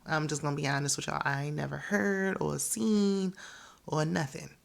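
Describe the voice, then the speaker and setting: A woman with a low, gravelly voice gives a casual, opinionated recap of a reality show. She talks like she's chatting with friends, laughs easily, and slips into quoting the cast. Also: fairly even intonation, normal speed.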